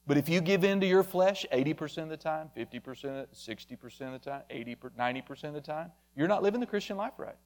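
A man's voice: a little high, expressive, fast talker, hardly any pauses. A man preaching a sermon emphatically, calling out members of the congregation by name. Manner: emphatic, addresses listeners by name.

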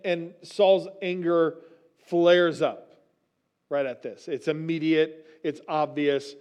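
A man's voice: fairly high pitch, a little mellow. A man preaching a sermon as pastor, explaining scripture in a conversational teaching way with frequent restarts and "right?" asides.

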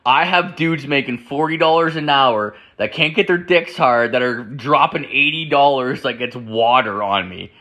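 Man, host, bright tense voice, profane comedic storytelling, rambling. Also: mid-range voice, normal speed, hardly any pauses. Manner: rambling, heavy swearing, lots of "like". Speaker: show host.

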